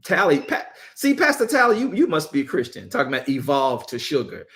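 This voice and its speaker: Leading his group's Bible study as its apostle, this man speaks a little fast in a voice on the high side. His casual teaching is joking and animated, aimed straight at the group, with frequent repeated and restarted phrases.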